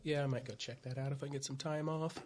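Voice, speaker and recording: A man's voice: mid-range voice, steady tone, fast, a little mellow, a little hiss or hum. A man co-hosting a podcast in casual crude banter, joking and swearing easily. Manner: joking, profane, laughs easily. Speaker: podcast co-host.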